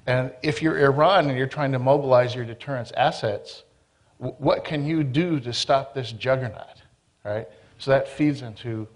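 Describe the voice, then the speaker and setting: Man on a panel, explains stuff like a lecture, keeps tossing in "all right?". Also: medium pitch. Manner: explanatory, lecturing tone with tag questions. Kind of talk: panel discussion.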